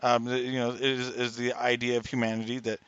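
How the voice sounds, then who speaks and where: A man from New Mexico co-hosting a podcast, chatting in a relaxed, matter-of-fact way. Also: medium pitch, a little fast, clean tone, dry recording. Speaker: podcast co-host. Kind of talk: casual chat. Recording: dull, dry lo-fi mic.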